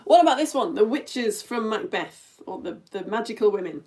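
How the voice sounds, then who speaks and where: A woman's voice: mid-range voice, expressive, normal speed, few pauses, warm tone. A woman teaching a live online lesson for all ages in a chatty, playful way, tapping out rhythms as she talks.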